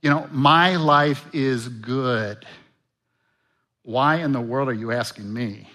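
A man's voice: mid-range voice, takes it slowly, sharp tone. A man voicing a frightened Moses protesting to God in a pleading, incredulous way. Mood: anxious.

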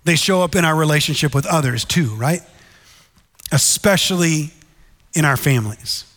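A man's voice: fairly high pitch, animated, normal speed, a bit bright, in a large hall. A man preaching a sermon in an earnest, conversational way, often turning to the listeners with "right?". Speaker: pastor.

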